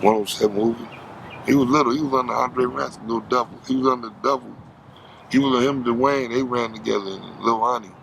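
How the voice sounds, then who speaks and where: A man's voice: medium pitch, fairly even intonation, brisk, creaky, fairly bright tone, slight background noise. A man from Los Angeles telling stories in an interview, heavy with street slang. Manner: street slang, acts out quoted voices. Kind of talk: storytelling interview.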